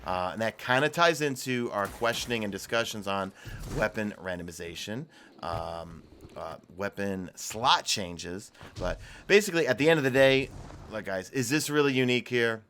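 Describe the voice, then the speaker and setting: A man's voice: lowish voice, moderate pace, fairly bright tone, a little hiss or hum. A man with a New York accent streaming a video game live, chatting casually and answering viewer questions while he plays. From New York City. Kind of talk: live gameplay commentary.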